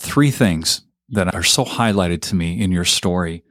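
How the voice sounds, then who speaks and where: Male host, affirming and reflective, low pitch, dry studio sound. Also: unhurried, fairly bright tone, no room sound. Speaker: podcast host. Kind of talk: interview reflection.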